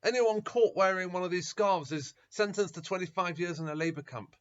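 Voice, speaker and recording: A man voicing an old rabbi, speaking quietly and insistently to his disciples, on a dull lo-fi recording. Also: high-pitched, a little fast, pitched above the performer's own voice, lightly acted. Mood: tearful.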